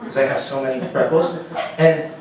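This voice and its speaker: A man's voice: medium pitch, steady tone, normal speed, slight background noise. A man in his thirties doing a rambling, profane stand-up set, acting out his stories in raised voices. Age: 30s. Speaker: stand-up comedian. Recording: very echoey room, mic from a distance.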